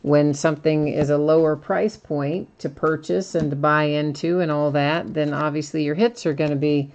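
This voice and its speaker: A woman's voice: sits low, normal speed, highs cut off. A woman hosting a live card-opening stream, listing cards and answering viewers casually. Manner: casual, reads card names in a steady list, answers viewers by name. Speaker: card-breaking stream host.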